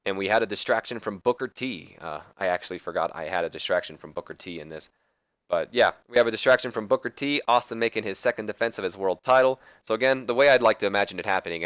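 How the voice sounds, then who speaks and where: A man's voice: low voice, fairly bright tone, clear, resonant tone, dry recording. A man casually commenting on his wrestling management game, rambling and correcting himself as he goes. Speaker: let's play host.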